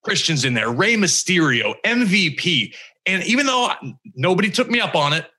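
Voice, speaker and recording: A man's voice: high-pitched, very animated, moderate pace, pushed and bright. A man hosting a casual talk show, earnest and rambling, often trailing off mid-sentence. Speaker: host. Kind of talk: casual chat.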